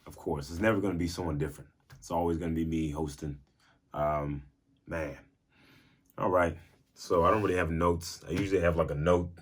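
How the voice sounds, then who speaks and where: A man's voice: sits low, fairly quick, pauses often. Rambling young man on a phone mic. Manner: animated, jokey, breaks into sung bits. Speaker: podcast host. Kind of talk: casual rambling monologue. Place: at home.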